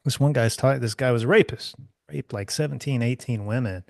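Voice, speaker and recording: A man's voice: medium pitch, a little fast, gravelly, darkish tone, no echo, studio quality. A man co-hosting a casual podcast, talking loosely with swearing and laughter. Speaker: podcast co-host. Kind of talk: casual chat.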